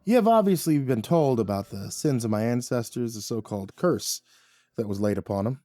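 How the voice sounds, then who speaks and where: A man's voice: medium pitch, expressive, fairly quick, mellow, no echo, lightly acted. A man voicing a strained plantation owner with eager, courteous hospitality. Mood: earnest.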